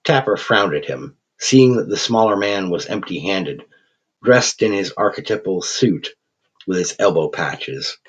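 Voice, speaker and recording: A man's voice: deep voice, lively intonation, unhurried, breathy edge. A man giving scripted horror narration as a storyteller, dramatic and wry. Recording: dull lo-fi recording.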